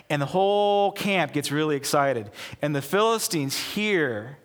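A man preaching a casual sermon as pastor, telling the story in an animated way and acting out the people in it. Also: fairly high pitch, unhurried, hardly any pauses. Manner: animated storytelling, acts out quoted voices. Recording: long hall reverb.

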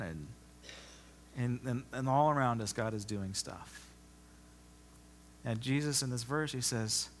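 A man's voice: mid-range voice, lively intonation, a little slow, long pauses, slight background noise. Emphatic male pastor in echoing hall. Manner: emphatic, repeats phrases and restarts, swings loud then soft. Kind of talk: sermon. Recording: long reverb of a large hall.

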